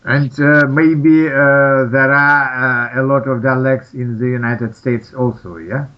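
A man with a Russian accent asking questions in English, halting and searching for words. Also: mid-range voice, fairly even intonation. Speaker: interviewer. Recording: dull muffled audio.

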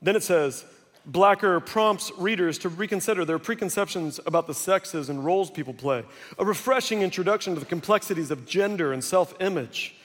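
Male pastor, high voice, lively storyteller preaching in a big reverberant church. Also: a little fast. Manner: animated storytelling with acted quotes. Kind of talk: sermon. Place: large church hall. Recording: long hall reverb.

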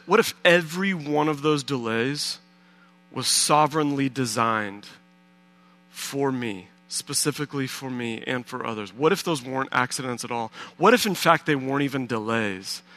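A pastor preaching a sermon through a lively personal story, acting out his own reactions. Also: medium pitch.

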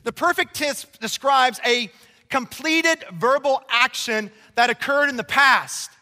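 A man preaching a sermon to a congregation, emphatic and conversational, swinging between loud declarations and hushed passages. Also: extremely high pitch. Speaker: pastor. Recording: long reverb of a large hall.

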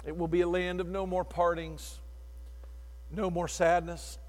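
A male preacher delivering an impassioned sermon that swings from hushed tones to shouted lines. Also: high-pitched, flat delivery, unhurried. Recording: long reverb in a large hall.

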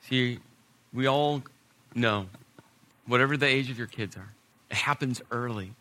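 A middle-aged man delivers a sermon with a bright, forceful tone. His pitch sits in an ordinary middle range, and he climbs to emphatic peaks before falling back to a quiet, soft close. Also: a little slow. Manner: storytelling preacher, rising to emphasis then dropping soft. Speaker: pastor.

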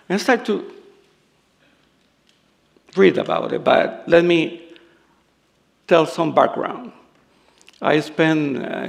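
Gravelly Salvadoran-accented older man preaching. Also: a little high. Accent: Salvadoran Spanish. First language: Spanish. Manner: humorous, self-deprecating, laughs often, halting English. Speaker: guest preacher. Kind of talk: sermon.

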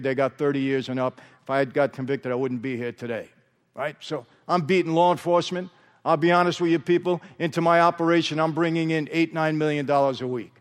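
A middle-aged man giving an emphatic testimony sermon, calling out to the audience as he tells his story. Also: fairly high pitch. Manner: emphatic, repeatedly addresses the audience as "people". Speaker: guest speaker. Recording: long hall reverb.

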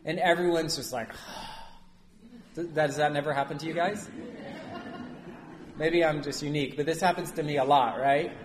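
A man preaching a sermon as a priest, lively and conversational, often asking his listeners "right?". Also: fairly high pitch, brisk, roomy sound, a crowd in the background.

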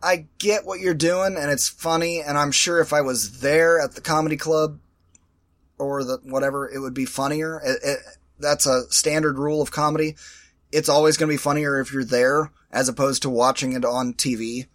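A man's voice: fairly high pitch, steady tone, moderate pace, a bit bright, no echo. A man co-hosting a casual podcast, wry and opinionated, teasing his co-host while giving reviews. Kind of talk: casual chat.

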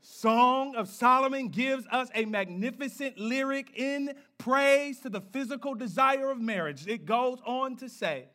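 Male preacher, high and bright, playful, bantering with the crowd. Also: expressive, a little slow. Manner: playful, call-and-response preaching with slang asides. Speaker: pastor. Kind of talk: sermon.

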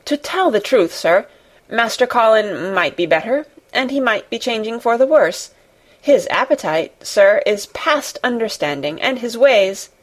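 A woman's voice: a little high, animated, a little slow. A woman voicing a flustered, talkative older housekeeper who rambles deferentially to her master.

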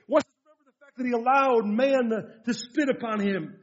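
Male pastor, high-pitched voice, earnest sermon delivery, muffled lo-fi capture. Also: a little fast. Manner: earnest preaching with scripture quotes and stories. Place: church rally hall.

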